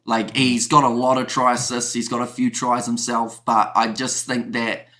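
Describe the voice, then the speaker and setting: A man's voice: medium pitch, level tone, normal speed, sharp tone. Chatty man talking rugby on a call. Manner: chatty, uses "you know" a lot. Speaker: podcast co-host. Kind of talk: casual sports chat.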